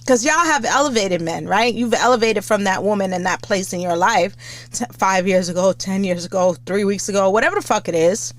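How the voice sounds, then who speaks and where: A woman's voice: medium pitch, a little fast, no room sound. A woman hosting a podcast, ranting in a blunt, profane, comedic way. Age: older. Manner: blunt, profane, lively and animated. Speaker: podcast host. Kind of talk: casual comedic rant.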